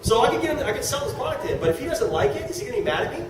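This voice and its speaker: A middle-aged man giving a live sales presentation to a room, animated and joking as he talks to the audience. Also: very high-pitched, rapid-fire. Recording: echoey room from far off with noise.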